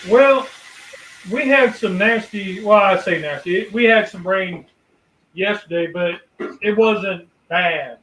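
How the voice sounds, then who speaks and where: A man's voice: high-pitched, takes it slowly, a bit bright. A man chatting casually in an easygoing way about weather and everyday life. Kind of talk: casual chat. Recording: roomy distant mic with faint noise.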